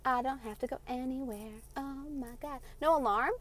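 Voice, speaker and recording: Young woman ranting on her podcast, fired up and sarcastic, swearing a lot, kinda high voice. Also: fairly even intonation, normal speed. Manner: passionate, profane, sarcastic. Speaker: podcast host. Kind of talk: ranting monologue.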